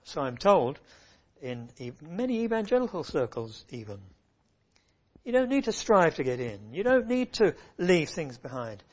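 A man's voice: on the high side, slightly rough. A man preaching an earnest sermon, swelling and dropping his voice for emphasis. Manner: earnest, rising and falling emphasis. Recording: muffled lo-fi recording.

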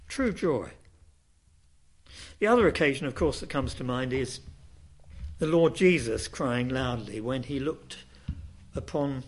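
A man's voice: medium pitch, breathy edge. A man preaching a sermon, telling a Bible story with dramatic, rising and falling emphasis.

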